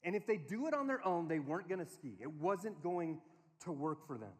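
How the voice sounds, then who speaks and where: Guy giving a sermon in a huge echoey hall, fairly high voice, tells stories. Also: brisk. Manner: storytelling, animated, quotes his kids in a small voice. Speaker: speaker. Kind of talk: sermon to a conference crowd. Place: large hall. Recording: long hall reverb.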